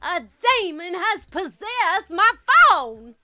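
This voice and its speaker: A woman's voice: very high-pitched, sing-song, slow pace, pushed and bright, no room sound, voice pushed up, heavily acted. A woman voicing a frantic female customer from the American South, with a thick Southern Alabama accent, almost screaming. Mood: panicked.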